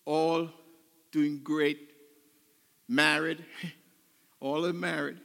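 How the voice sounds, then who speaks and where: An older man preaching a sermon as pastor, choked up and emotional, building to loud, fervent passages. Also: on the high side, level tone, extremely slow, gravelly, long reverb tail. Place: church sanctuary.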